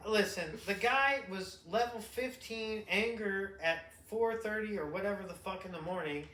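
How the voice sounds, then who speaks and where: Middle-aged man, podcast dad, high bright voice, profane animated storyteller, roomy echo. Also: normal speed. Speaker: podcast co-host, father. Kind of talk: casual chat.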